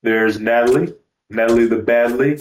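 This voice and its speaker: A man's voice: mid-range voice, normal speed, a little hiss or hum. Joking man with roomy echo. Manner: loose, joking, swears casually. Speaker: gaming YouTuber. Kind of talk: casual gameplay commentary.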